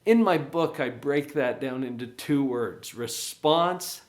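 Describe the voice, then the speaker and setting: A man, a parenting coach and author, giving an animated motivational talk to camera, full of rhetorical questions. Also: mid-range voice, normal speed.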